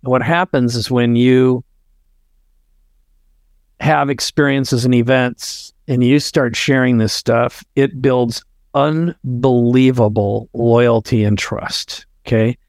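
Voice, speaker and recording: A man's voice: medium pitch, steady tone, slow, darkish tone. A middle-aged man speaks as a podcast guest, telling a heartfelt story in an earnest, conversational way. He acts out bits of dialogue as he goes. His voice sounds close and dry, with no room echo. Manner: earnest, heartfelt, tells stories with quoted dialogue.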